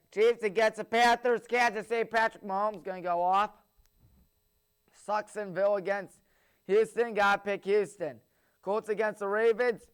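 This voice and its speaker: A young man with a high, smooth, clear voice runs through his weekly game picks. He talks in quick bursts full of teasing, opinionated jokes, like a small-town sports show host. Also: fairly bright tone. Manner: jokey, opinionated, rapid-fire predictions. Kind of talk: solo sports picks commentary.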